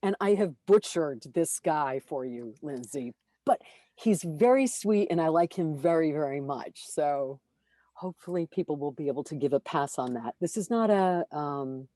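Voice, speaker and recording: A low-pitched woman at a moderate pace talks casually in an interview about narrating audiobooks. She's animated and self-deprecating with frequent fillers and restarts, and the recording is dry.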